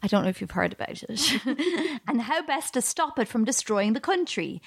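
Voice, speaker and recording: Sarcastic woman comedian, lively pitch. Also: normal speed, creaky, breathy edge, no echo. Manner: sarcastic, laughs at her own jokes. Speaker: podcast host, comedian. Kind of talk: comic political monologue.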